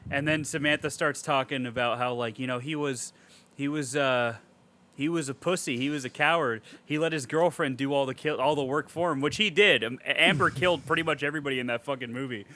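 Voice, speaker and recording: A man recapping a movie in a casual podcast chat, excitable and swearing a lot. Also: a little high. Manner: excitable, heavy swearing, animated storytelling. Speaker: podcast co-host.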